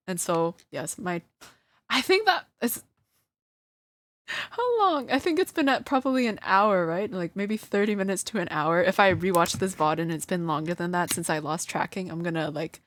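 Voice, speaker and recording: Woman streamer, lively pitch, dry close mic, flustered self-deprecating chat. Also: normal speed, long pauses, dry recording. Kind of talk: casual live-stream chat.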